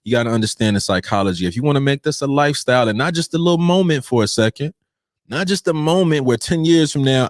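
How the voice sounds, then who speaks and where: A trading show host with a medium-pitched voice runs a live pre-market stream, speaking directly to his viewers with a playful, preachy energy. The recording is dry and studio quality.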